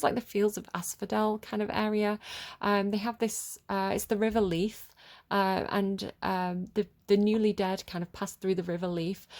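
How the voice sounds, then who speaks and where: Thirtysomething woman doing a chatty tarot reading, rambly, lots of little laughs, middle pitch. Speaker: tarot reader.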